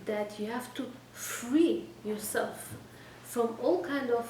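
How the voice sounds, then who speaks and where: A woman teaching a weekly class to a small group, direct and exhorting, often checking in with her listeners and trading quick replies with them. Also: on the high side, darkish tone. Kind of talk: informal lecture to a small group. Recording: echoey room, distant mic, faint background noise.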